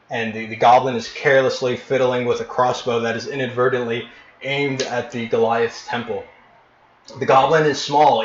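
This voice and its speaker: A man narrating as game master, painting scenes in vivid detail with frequent pauses and restarts. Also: medium pitch, slight background noise. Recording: echoey, dull lo-fi room recording.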